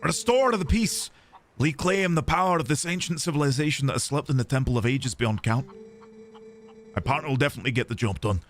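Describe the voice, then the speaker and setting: A man's voice: medium pitch, brisk, close to an everyday voice. Man putting on a Scottish-accented game guide. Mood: persuasive. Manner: put-on Scottish accent, persuasive and encouraging. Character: confident, friendly man sending the hero across a gorge. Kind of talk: reading game dialogue aloud.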